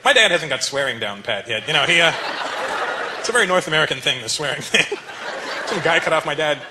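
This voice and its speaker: A man's voice: a little high, lively intonation, fairly quick, background noise. A male stand-up comedian speaking to a live audience in a teasing, conversational way. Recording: live show with loud crowd laughter.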